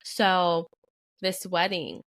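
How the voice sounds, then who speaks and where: A woman's voice: lowish voice, steady tone, drawn-out words, fairly bright tone. A young woman co-hosting a podcast, telling a long personal story in casual chat, full of fillers. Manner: chatty storytelling, many fillers. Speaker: podcast co-host.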